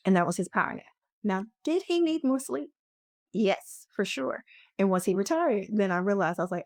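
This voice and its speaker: A woman's voice: mid-range voice, brisk, vocal fry, dry recording, studio quality. A woman coach talking in a casual podcast conversation, earnest and reflective, often acting out her own thoughts in quotes. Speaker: guest coach.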